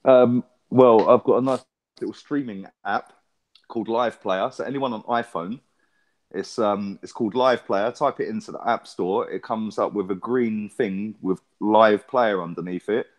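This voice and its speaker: A man, swearing and telling a long story in a casual podcast chat. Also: fairly low pitch. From England. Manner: swearing, storytelling with rapid back-and-forth. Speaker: podcast co-host.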